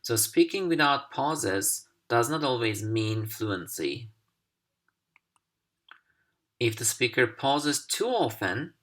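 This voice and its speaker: A man teaching English over slides, speaking slowly and deliberately with careful pauses. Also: mid-range voice, fairly bright tone. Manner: slow, deliberate, carefully paced. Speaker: English language instructor. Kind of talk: slide-based recorded lesson.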